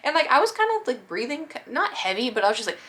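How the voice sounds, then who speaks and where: A woman's voice: high-pitched, sing-song, fast, a bit bright. A woman streamer telling a casual storytime, chatty and self-deprecating, with lots of fillers.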